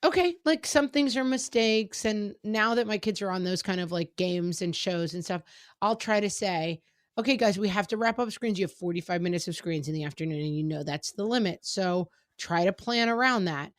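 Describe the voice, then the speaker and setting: Chatty and fairly quick, this middle-aged co-host of a parenting podcast has a lowish voice and frequently performs back-and-forth conversations with her kids while talking casually. The sound is clean studio audio with no room sound.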